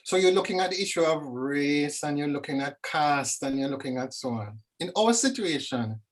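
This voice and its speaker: Woman, discussion guest; animated, reflective, dramatic asides; video call. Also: deep voice, normal speed. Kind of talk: reflective conversation.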